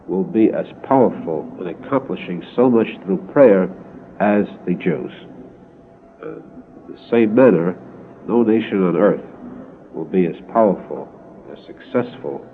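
A man giving an earnest Torah lesson, retelling a story slowly with repeated phrases. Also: slight background noise. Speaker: religious teacher. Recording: tinny phone-like low-fi recording.

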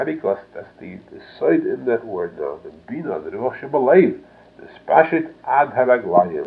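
A man teaches from a traditional text, reading each phrase and then explaining it. His mid-range voice has a gravelly, creaky edge. The recording is thin and boxy, like a phone line. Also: mid-range voice. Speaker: religious teacher. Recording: narrow phone-like lo-fi sound.

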